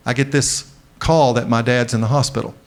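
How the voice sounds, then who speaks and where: A man's voice: mid-range voice, steady tone. Man giving a heartfelt keynote. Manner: storytelling, slows down and softens for emotional moments. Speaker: keynote speaker. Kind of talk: conference keynote speech. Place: large conference venue.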